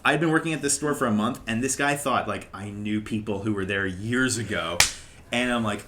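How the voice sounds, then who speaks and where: A young man and podcast co-host telling a story casually, animated and often laughing. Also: on the low side, brisk, noisy background.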